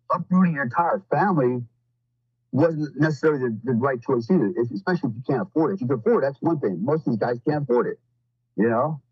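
A man with a fairly high, husky voice chats as a podcast guest, rambling through stories with blunt, profane asides. His delivery is loose and full of fillers. The audio is a little dull and dry. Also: no room sound. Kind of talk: casual storytelling.

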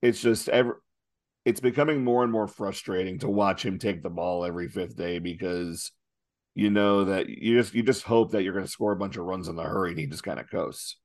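A man's voice: sits low, fairly even intonation, brisk, darkish tone. A man co-hosting a podcast, talking through baseball stats in a casual, exasperated way with many fillers. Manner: stat-heavy, exasperated, filler-laden. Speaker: podcast co-host. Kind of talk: casual sports chat.

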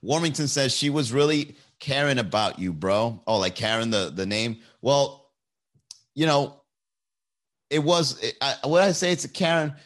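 A man with a mid-range voice tells a comic story on a casual stream. He rambles, circles back and swears often. He gets animated as he rants about audience complaints. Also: medium pitch, moderate pace. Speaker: stand-up comedian.

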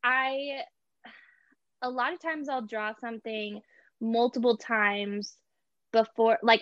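A woman's voice: on the high side, a bit bright, no echo, lo-fi sound. A young woman, an artist and small business owner, chatting casually as an interview guest, laughing often and filling with "like" and "you know".

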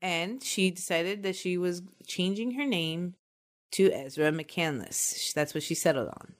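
A woman's voice: lowish voice, unhurried. Chatty woman hosting a true crime podcast. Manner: giggly, chatty, recounts case details. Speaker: podcast host. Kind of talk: casual chat and true crime storytelling.

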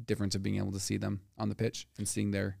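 A man's voice: lowish voice, monotone, quick pace, vocal fry, a little mellow, no echo, studio quality. A man co-hosting a casual podcast chat, rambling and thinking aloud with fillers. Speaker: podcast co-host.

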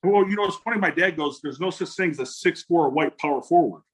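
A man in his forties with a slightly high voice talks fast while a crowd is heard in the background. A former football player, he's a guest in a casual storytelling interview, animatedly telling stories, acting out quotes, and laughing often.

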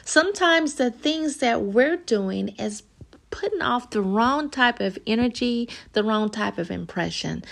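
A woman hosts a casual podcast in a relaxed, conversational way, with a gravelly fry running through her voice. She talks straight to the listener and slips into short acted-out scenes to make her point. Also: fairly high pitch, a little slow. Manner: conversational, animated, acts out little scenes. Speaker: podcast host. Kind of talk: casual podcast monologue giving dating advice.

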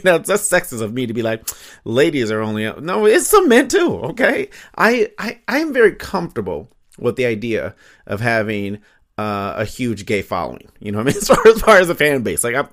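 A man's voice: mid-range voice, a little fast. A man hosting his own podcast alone, talking casually into a home microphone, laughing often and filling his talk with asides. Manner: laughing often, animated, lots of fillers and asides. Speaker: podcast host. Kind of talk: casual solo podcast monologue.

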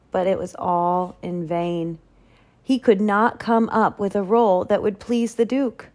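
A woman reading a picture book aloud in a slow, expressive storytelling manner. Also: on the low side.

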